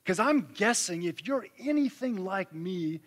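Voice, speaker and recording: A man's voice: high voice, animated, unhurried. A man preaching a sermon in a conversational way, walking listeners through vivid illustrations and rhetorical questions. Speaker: pastor.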